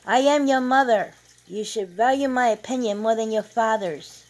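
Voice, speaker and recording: A woman's voice: medium pitch, unhurried, a little mellow, lightly acted, rough recording. A woman reading aloud, voicing a proud and bossy older mother who boasts about her son. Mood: scolding. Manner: boastful, emphatic.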